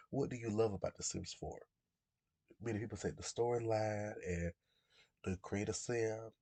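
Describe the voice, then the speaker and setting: A man's voice: fairly low pitch, mellow, no room sound. A man in his twenties who is under the weather, casually chatting about a game as a YouTuber in a rambling, self-correcting way. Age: 20s. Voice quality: gravelly, husky. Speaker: gaming YouTuber. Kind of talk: casual chat.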